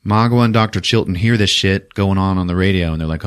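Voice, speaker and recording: A man hosting a podcast, retelling a movie plot in a loose, profane, animated way and laughing at his own jokes. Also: low-pitched, fast talker, smooth. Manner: profane, animated retelling with sudden character voices. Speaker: podcast host. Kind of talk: casual movie recap.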